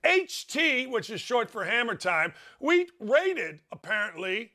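Man, sports radio host, animated, bright tone, lively pitch. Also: unhurried, hardly any pauses. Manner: animated, emphatic, repeats phrases for effect. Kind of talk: energetic talk radio monologue.

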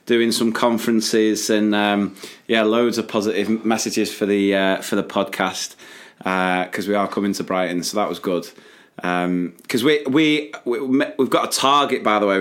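A man's voice: lowish voice, little pitch movement, moderate pace. A man co-hosting a casual podcast, chatting animatedly, venting and laughing often. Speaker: podcast co-host, primary teacher.

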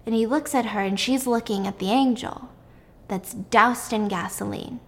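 A young woman casually recapping a film's plot in animated detail, swearing freely as she goes. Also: fairly high pitch, moderate pace, vocal fry, long reverb tail.

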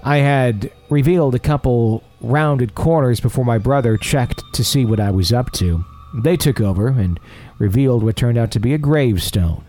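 A man's voice: mid-range voice, a little mellow. A middle-aged man hosting a paranormal podcast, chatting casually and reading listener letters with self-deprecating humor. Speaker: podcast host.

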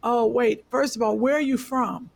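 A woman from Cleveland hosting a casual podcast chat, playful and teasing, with loud bursts of laughter. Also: fairly high pitch, steady tone, moderate pace, creaky, low-quality recording. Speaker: podcast host.

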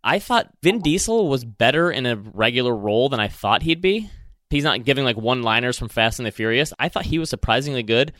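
A man's voice: mid-range voice, animated, fairly quick, a bit bright, no room sound, clean studio sound. A man with a Michigan accent co-hosting a podcast, giving his opinions in casual, chatty talk. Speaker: podcast co-host. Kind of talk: casual chat.

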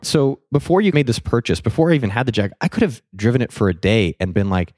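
A young adult man telling a candid, self-mocking story in a casual monologue, swearing freely and turning animated at key moments. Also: mid-range voice, fast talker, hardly any pauses, no room sound, clean studio sound. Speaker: vlogger telling a personal money lesson.

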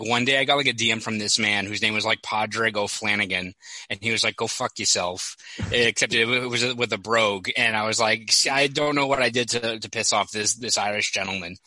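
A man's voice: fairly low pitch, pushed and bright, no echo, rough recording. A man hosting a sports podcast, telling stories in a chatty way with lots of asides. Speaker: podcast host. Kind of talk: casual sports podcast chat.

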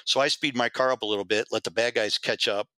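A middle-aged man, a former undercover agent, telling animated and profane stories as a podcast guest. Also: mid-range voice, quick pace, dry recording. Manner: animated, profane, acts out quotes. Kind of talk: casual storytelling.

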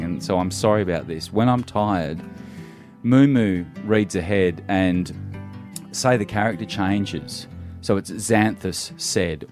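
Low-voiced Australian radio host. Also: male voice, a little mellow. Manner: chatty, self-mocking, jokey. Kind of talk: casual breakfast-radio banter.

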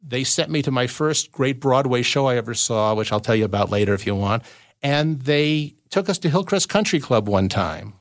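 A man's voice: medium pitch, lively intonation, normal speed, dry recording, clean studio sound. Guy from socal telling old showbiz stories on a podcast, rambly, keeps restarting his sentences. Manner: rambling storyteller with frequent restarts. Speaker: podcast guest, showbiz historian. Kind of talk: casual anecdotal chat.

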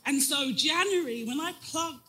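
Brixton-born audience woman, bright high voice, faint room noise. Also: moderate pace. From Brixton, London. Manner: earnest, grateful. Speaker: audience member.

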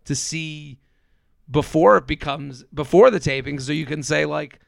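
Man, slightly high, gravelly, rambling podcast chatter, dry close mic. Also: a little slow, no echo. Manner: rambling, lots of fillers and restarts. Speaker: comedian and podcast guest. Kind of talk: casual podcast chat.

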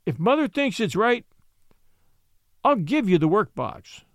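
A man's voice: sits high, big pitch swings, a little slow, a bit bright, no room sound, clean studio sound, pitched above the performer's own voice, heavily acted. A man voicing a remorseful little girl from old times, speaking tearfully and earnestly.

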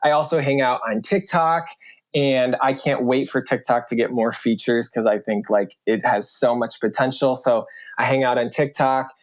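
Chatty man, heavy on "like". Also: mid-range voice. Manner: fast, filler-heavy talk with many "like"s. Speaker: podcast guest. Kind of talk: casual podcast chat.

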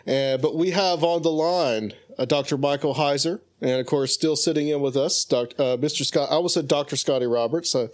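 A man's voice: on the high side, brisk, hardly any pauses, darkish tone. A man hosts a radio talk show in a loose, chatty way. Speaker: host.

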